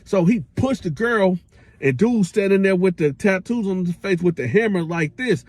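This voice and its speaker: A man hosting a casual storytime, telling a prison tale in animated slang with his own sound effects. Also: high voice, normal speed, no echo. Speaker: storyteller host.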